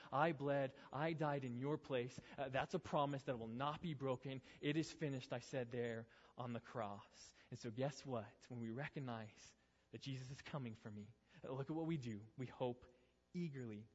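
A man's voice: fairly high pitch, a little mellow. A man preaches a sermon with a slightly raised voice, leaning on rhetorical questions and repeated lines. His voice rings out with long reverb in a large hall. The sound is dull and lo-fi. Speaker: pastor.

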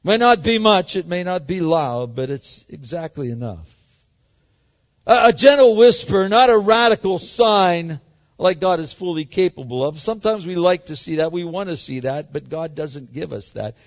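High-voiced preaching man, dramatic swings. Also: lively intonation, moderate pace, big-room sound, dull audio. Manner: dramatic, swings from loud to hushed. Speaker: pastor. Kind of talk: sermon.

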